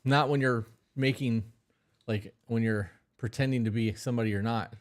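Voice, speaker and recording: A man's voice: mid-range voice, fairly even intonation, moderate pace. A man co-hosting a podcast live stream, chatting casually with dry, blunt, teasing humor. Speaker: podcast co-host.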